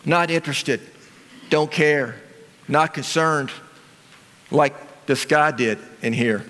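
Animated middle-aged male preacher. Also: high voice, a little slow, in a large hall. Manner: animated, emphatic storytelling with repetition. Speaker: pastor. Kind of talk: sermon.

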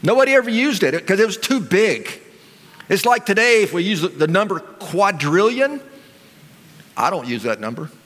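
A man's voice: high voice, big pitch swings, normal speed, fairly bright tone. A male pastor preaching a sermon in a church, talking in a conversational way and asking his audience questions. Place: church sanctuary. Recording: long reverb of a large hall.

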